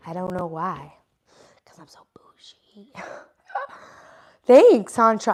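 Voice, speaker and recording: A woman talking to her livestream audience in an easy, chatty way. She reads viewer comments aloud and answers them as she goes. Her voice sits at an ordinary middle pitch. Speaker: livestream host. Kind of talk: casual livestream chat.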